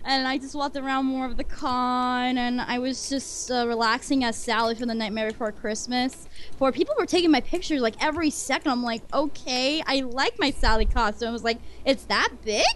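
A young woman telling an excited fan story in a casual chat, gushing and quoting herself. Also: high voice, moderate pace, a little hiss or hum. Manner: gushing fangirl, squeals when quoting herself. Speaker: guest on a fan podcast.

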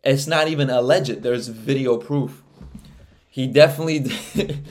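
A young man hosting a casual solo podcast, rambling with lots of swearing and frequent laughter, getting loud and animated when he gets worked up. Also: medium pitch, unhurried. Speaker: podcast host.

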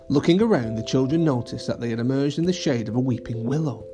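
A man gently narrating a children's audio story. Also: medium pitch, quick pace, hardly any pauses, music in the background.

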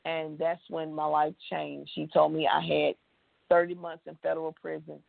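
A woman's voice: low voice, level tone, normal speed, gravelly, no room sound. A woman with a Texan accent, an interview guest, telling her story with feeling and acted-out quotes. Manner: emotional, tells it with acted-out quotes. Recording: tinny phone line.

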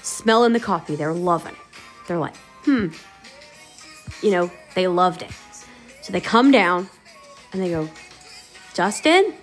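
A woman's voice: on the low side, normal speed, soft background music. A woman podcast host casually retelling a radio episode in a rambling, conversational way. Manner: rambling, conversational, many "you know" fillers.

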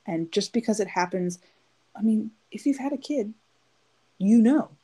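A woman's voice: medium pitch, expressive, normal speed, mellow, breathy edge, poor audio. A woman in her thirties, a podcast co-host telling a long story in casual chat and acting out the quotes. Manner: chatty storytelling, acts out quotes.

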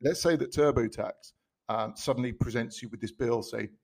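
A man's voice: mid-range voice, moderate pace, vocal fry, a little mellow, slightly rough. Dry-humored Englishman with a London accent. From England. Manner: dry, joking storyteller with many restarts. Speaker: podcast co-host. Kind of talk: casual comedic chat.

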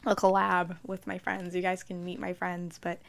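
A woman's voice: on the low side, completely flat delivery, moderate pace, vocal fry. Rambling, chatty young woman vlogger. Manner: rambling, chatty and self-mocking. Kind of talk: casual vlog chat.

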